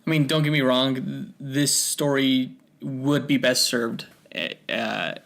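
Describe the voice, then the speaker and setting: A young man co-hosting a podcast, talking in a relaxed, conversational way and leading the topics. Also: medium pitch, takes it slowly, creaky. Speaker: podcast co-host. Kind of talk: casual podcast chat.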